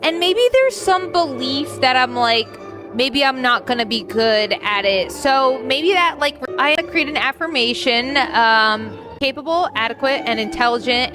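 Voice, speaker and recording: A high-voiced woman chatting casually while hosting a board game playtest. She is encouraging and a little rambling. Soft music sits faintly behind her. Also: measured pace. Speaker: host. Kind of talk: casual chat at game night.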